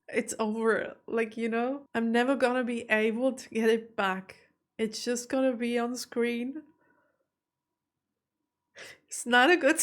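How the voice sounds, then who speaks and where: A young woman hosting a reaction video, chatting at length in an emotional, exclamatory way. Her voice sits a little higher than most women's. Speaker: reaction channel host. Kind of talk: casual reaction commentary.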